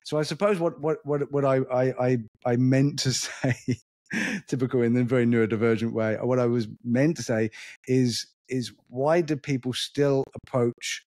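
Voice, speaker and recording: A man's voice: medium pitch, fairly even intonation, moderate pace, a little mellow, dry recording. A man with a mid-range voice hosts a casual interview, recorded dry with almost no room sound. He speaks eagerly, tripping over repeated words as he restarts his thoughts. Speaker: podcast host.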